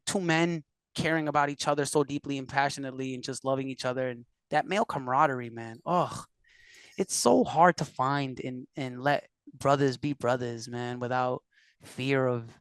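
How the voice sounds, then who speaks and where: A musician and producer from Puerto Rico speaks at normal speed with a clear, resonant, medium-pitched voice, free of room sound. As a podcast guest in a casual interview, he tells stories animatedly and acts out the quotes.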